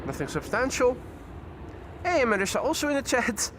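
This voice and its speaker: A chatty, playful man with a high voice hosts a live plane-spotting stream from the waterside. He greets viewers and calls out arriving aircraft, and loud traffic rumbles steadily behind him. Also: very animated, normal speed. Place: outdoors beside water near an airport. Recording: loud outdoor traffic noise.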